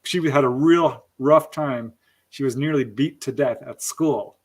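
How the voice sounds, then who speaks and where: Man hosting, calmly recounting a case. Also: medium pitch, unhurried. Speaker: host. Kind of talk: interview talk.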